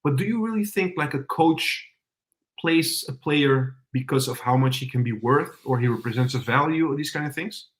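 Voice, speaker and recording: A man hosting a relaxed football podcast in a voice of middle pitch. He reads viewers' comments aloud and questions his panel. He pauses often and fills the gaps with "um" and "uh". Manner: hesitant, with many fillers. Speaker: podcast host. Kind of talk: casual football podcast chat.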